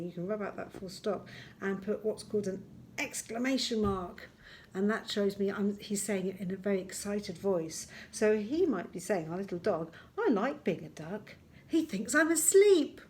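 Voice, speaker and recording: Woman, primary teacher, remote lesson for small children: gentle, encouraging, middle pitch, slows down to dictate as she writes. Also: slight background noise. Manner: gentle and encouraging, slowing to dictate words while writing.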